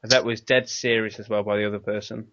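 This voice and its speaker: A man's voice: lowish voice, little pitch movement, a little fast, a bit bright, no room sound. A man with an English accent hosting a casual podcast chat, rambling and laughing often. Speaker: podcast host. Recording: dry, dull lo-fi mic.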